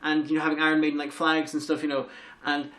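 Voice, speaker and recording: A man's voice: fairly high pitch, monotone, a bit bright. A man co-hosting a casual review chat, rambling and restarting his sentences often. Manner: rambling, halting with repeated restarts. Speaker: co-host reviewer.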